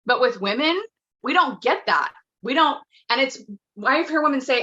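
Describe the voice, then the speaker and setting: A woman's voice: sits high, lively intonation, normal speed, sharp tone, husky, muffled recording. A woman guest on a podcast, talking in an emphatic, blunt way. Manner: emphatic and blunt, swears casually. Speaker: guest coach. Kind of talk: casual podcast conversation.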